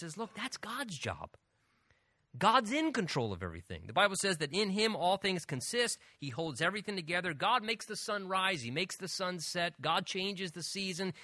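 A man's voice: on the high side, sharp tone, no room sound, studio quality. A man preaching a sermon in an earnest, conversational way, building to emphatic peaks.

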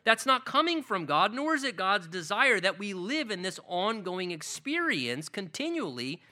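A man delivers a sermon in a high, ringing voice with a very bright, forceful edge. He preaches earnestly, leaning hard on key words and climbing to emphatic peaks. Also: big pitch swings, normal speed. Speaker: pastor.

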